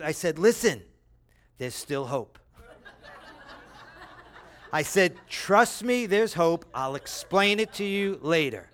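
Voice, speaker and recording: A middle-aged man preaching a sermon, telling stories with lively, animated delivery and loud acted-out bursts. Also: measured pace, long pauses. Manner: animated storytelling, acts out voices with loud high bursts. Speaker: pastor.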